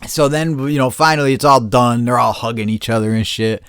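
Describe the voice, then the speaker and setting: A man's voice: medium pitch, a little fast, a bit bright, smooth, no room sound, clean studio sound. A middle-aged man hosting a podcast, telling a story casually and profanely and laughing often. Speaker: podcast host.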